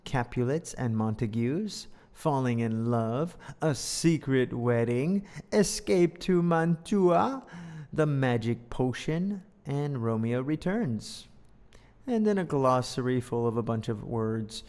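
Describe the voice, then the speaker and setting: Gravelly, playful male storybook teacher. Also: medium pitch, animated, takes it slowly, darkish tone. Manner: playful, chatty, laughs often. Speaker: English teacher reading a storybook. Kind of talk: casual storybook lesson with commentary. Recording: reverberant room.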